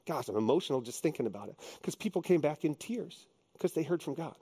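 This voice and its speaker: Earnest pastor preaching, voice rising high. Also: male voice, expressive, fast, mellow, breathy edge. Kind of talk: sermon.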